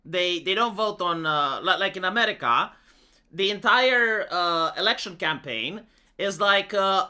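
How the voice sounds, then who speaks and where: A man's voice: high voice, animated, measured pace, bright, forceful tone, clear, resonant tone. A man from Romania, live streaming a rambling, profane, sarcastic political rant.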